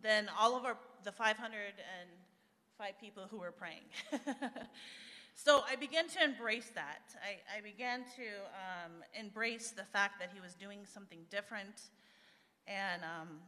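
Bright-voiced woman giving testimony. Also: mid-range voice, measured pace. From USA. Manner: candid and emotional, with frequent fillers. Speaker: guest speaker. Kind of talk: personal testimony in a church service. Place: church hall, live-streamed service. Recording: echoey church hall.

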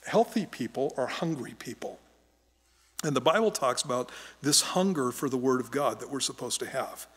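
A man's voice: mid-range voice, animated, normal speed, fairly bright tone, breathy edge. Middle-aged pastor guy giving a sermon, chatty and jokey, stumbles and restarts a lot, long echo from the church hall. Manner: conversational, joking, with frequent restarts. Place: church sanctuary.

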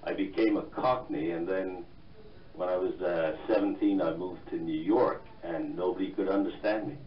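Irish-born man with a low voice and mixed accent. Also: fairly even intonation, echoey room, far from the mic, lo-fi sound. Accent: mixed Irish, London and Canadian. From Ireland. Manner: halting, many fillers and restarts. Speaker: guest author. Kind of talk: radio interview.

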